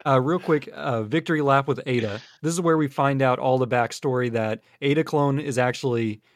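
A man's voice: mid-range voice, moderate pace, no echo, clean studio sound. A young man in casual podcast chat who recaps plot points and steers the talk along. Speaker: podcast co-host.

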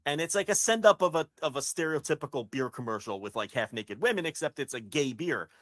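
A man's voice: on the high side, lively intonation, fast, a bit bright. A man co-hosting a wrestling podcast, talking bluntly and at length in casual, profane chat with frequent restarts.

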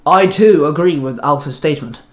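Man voicing a solemn elder mentor, measured and formal, fairly high voice. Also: expressive, natural voice. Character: wise elder male mentor, proud and solemn.

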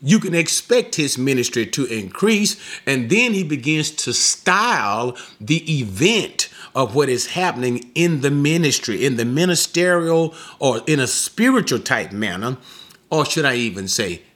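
Slow, lively-pitched male preacher. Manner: slow, deliberate teaching with emphatic rising questions. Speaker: pastor. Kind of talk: expository sermon.

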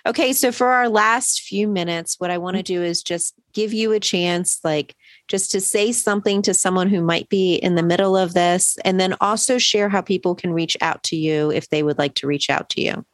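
A woman's voice: on the low side, moderate pace, no echo. A woman hosting an interview, an attentive listener who affirms her guest. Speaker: podcast host.

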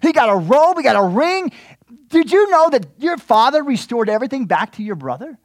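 Pastor acting out an eager servant blurting news, high and bright. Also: male voice, brisk, no room sound, studio quality, exaggerated voice. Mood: excited. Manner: excited, breathless telling. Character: excited male servant delivering news.

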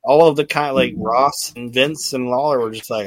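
A man's voice: mid-range voice, normal speed, no echo. A man hosting a podcast, recapping in a rambling, casual way full of restarts. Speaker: podcast host.

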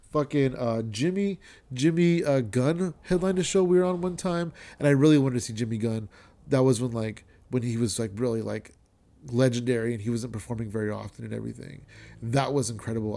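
Comedian host, male, 30s, casual rambling storyteller, mid-pitched voice, gets loud and excited. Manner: animated, swears often, rising excitement when retelling.

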